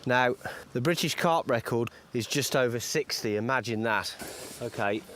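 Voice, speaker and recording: A man's voice: mid-range voice, moderate pace, background noise. A man by a lake outdoors, talking casually and explaining the fish in a friendly, matey way. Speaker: angler presenter. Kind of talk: casual fishing chat.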